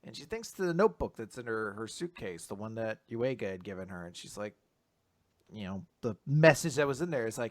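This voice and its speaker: A young podcast co-host with a lowish, expressive male voice summarizes manga chapters in a casual recap. While summarizing, he acts out the characters' lines in quick voices.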